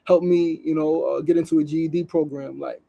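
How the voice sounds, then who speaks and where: A man's voice: fairly high pitch, fairly even intonation, fairly quick, gravelly, warm tone, rough recording. A man hosting a daily show, talking casually and emotionally, swearing freely and reading a story aloud. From New York City. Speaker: podcast host. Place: studio.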